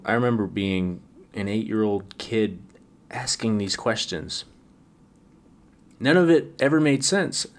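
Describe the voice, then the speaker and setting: A man hosting a late-night solo podcast, rambling wryly with frequent stammered restarts. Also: fairly low pitch. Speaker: podcast host.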